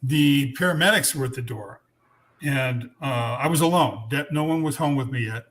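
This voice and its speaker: A man in his sixties, a podcast guest, telling a personal story frankly and earnestly, with blunt language and halting restarts. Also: medium pitch, a bit bright.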